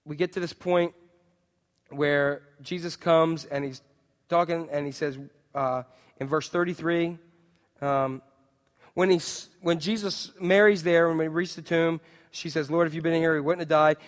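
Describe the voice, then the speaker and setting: Male pastor, sermon delivery, dynamic loud-to-hushed, high pitch, long reverb. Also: fairly even intonation, measured pace. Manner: dynamic preaching, swinging from loud emphatic to hushed.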